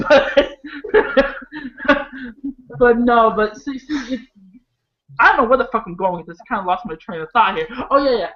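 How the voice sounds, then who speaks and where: A man's voice: sits high, moderate pace, pauses often, highs cut off. A man from Iowa co-hosting a casual wrestling chat, rambling and swearing freely as he goes off topic. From Iowa, USA. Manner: rambling, profane, excitable. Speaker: wrestling show co-host.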